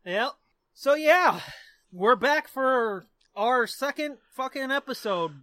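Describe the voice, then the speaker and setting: Loud, profane young man co-hosting. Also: very high voice, animated, slow, no room sound. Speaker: podcast co-host. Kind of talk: casual chat.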